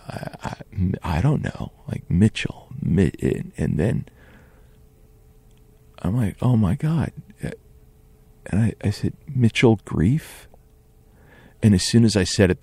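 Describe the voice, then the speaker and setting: A man's voice: low-pitched, gravelly, a little mellow, no room sound. A man telling a personal story in an earnest, conversational way, often restarting his sentences. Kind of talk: first-person storytelling monologue.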